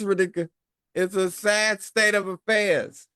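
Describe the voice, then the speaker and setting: A man's voice: high voice, measured pace, sharp tone, clean tone, no room sound, studio quality. A man co-hosting a casual online talk show, talking in a rambling way with lots of fillers and chuckles. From Midwest United States. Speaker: co-host. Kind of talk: casual livestream chat.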